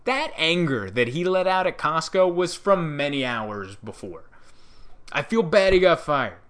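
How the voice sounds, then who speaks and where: Bright-voiced man telling a stand-up bit. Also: a little high, measured pace. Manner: animated storytelling, acting out characters. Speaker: comedian.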